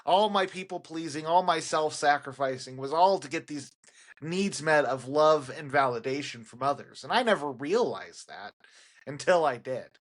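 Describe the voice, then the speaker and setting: Male co-host, middle-aged, somewhat high-pitched, confessional and sincere. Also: expressive, normal speed. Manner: candid, confessional, speaks from personal experience. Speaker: podcast co-host. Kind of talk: reflective personal sharing.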